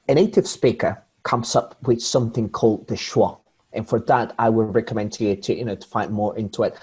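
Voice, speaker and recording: A man's voice: medium pitch, measured pace, darkish tone, husky. A man teaching an English pronunciation lesson. He repeats example words over and over and often restarts his phrases while he explains.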